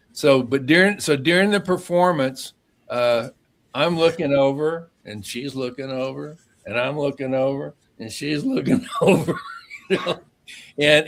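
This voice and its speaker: A man's voice: mid-range voice, a bit bright. Older man, podcast guest, mid-range voice, casual storytelling, rambling, laughs at himself, acts out quotes. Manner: rambling, laughs at his own stories.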